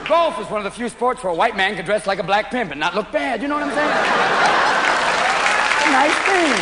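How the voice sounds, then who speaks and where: A man doing live stand-up comedy in a manic style, jumping quickly into shouted character voices. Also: high-pitched, expressive, heavy background noise. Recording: live show in a big reverberant venue with a loud crowd. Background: roaring audience laughter and cheering.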